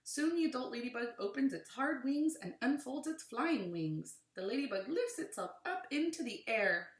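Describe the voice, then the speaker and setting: A woman's voice: high voice, expressive, moderate pace, roomy sound. A woman teacher reading a picture book aloud to young pupils and adding friendly asides.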